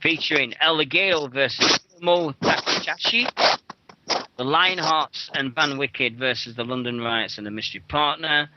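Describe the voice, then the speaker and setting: A man's voice: on the high side, normal speed, pushed and bright, slight background noise. A young man hosting a wrestling radio show, rambling through event listings with plenty of swearing and self-mockery. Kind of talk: casual show chat. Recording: dull lo-fi dry recording.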